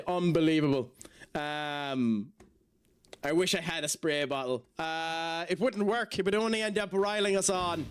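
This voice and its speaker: This Irish streamer talks with his audience during live gameplay, backed by game music, frequently laughing and swearing at what happens. He speaks a little slowly in a slightly high voice with a clean tone.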